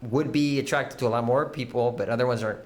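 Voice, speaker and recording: A young man co-hosting a casual podcast, rambling through animated, profane stories about dating. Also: mid-range voice, fast. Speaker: podcast co-host. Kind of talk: casual chat.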